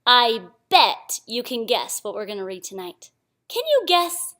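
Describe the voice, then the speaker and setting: Woman storytime reader, bright higher voice, very lively, sing-song, whispers for effect. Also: measured pace. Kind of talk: children's picture-book read-aloud.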